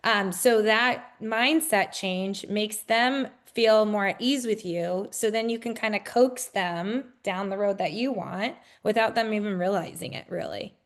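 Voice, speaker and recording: Woman, real estate agent, casual chat, lots of "like" and "um", bubbly acted-out greetings, mid-pitched voice. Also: unhurried, hardly any pauses. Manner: bubbly, acts out greetings in a high excited voice; many fillers like "like" and "um".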